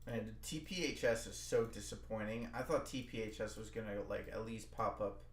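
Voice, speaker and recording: A man co-hosting a trading stream, chatting casually about stock plays, with loud laughing bursts and swearing. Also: lowish voice, brisk. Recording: echoey room with faint noise.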